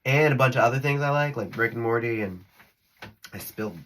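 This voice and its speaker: A man's voice: medium pitch, a little fast, fairly bright tone, slight background noise. A man talking to his phone camera in a rambling spiritual vlog, giggling and restarting his sentences as he drifts between topics. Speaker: spiritual vlogger.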